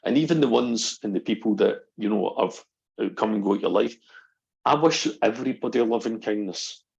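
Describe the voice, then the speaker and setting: A middle-aged man, a guest on a casual podcast, talking as an animated storyteller who acts out what people said. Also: lowish voice, fairly quick, gravelly, slightly rough, muffled recording. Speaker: guest, NLP practitioner.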